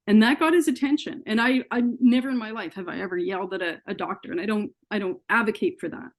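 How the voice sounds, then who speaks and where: A woman's voice: mid-range voice, fast, few pauses. A woman as an interview guest, earnestly telling a personal story and acting out the dialogue she quotes.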